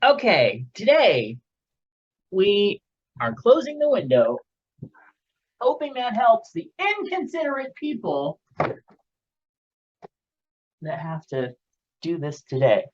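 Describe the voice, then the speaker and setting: Brief: male podcast host, animated pitch, unhurried delivery, muffled lo-fi home mic. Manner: rambling, jokey, lots of fillers. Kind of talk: casual chat. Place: home recording room, window open.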